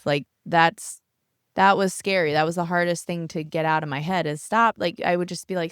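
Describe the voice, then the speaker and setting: This podcast co-host, also a photographer, tells stories on her family's yacht with lots of laughter, animatedly performing quotes in casual chat. Her low-ish voice is brisk and smooth, recorded studio-clean with no room sound.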